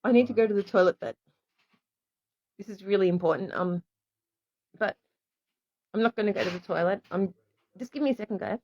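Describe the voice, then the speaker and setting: A woman's voice: mid-range voice, a little fast, pauses often, darkish tone. An Australian woman hosting a casual stream, reading aloud to viewers and often stopping to apologize and restart. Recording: dry, slightly dull lo-fi sound.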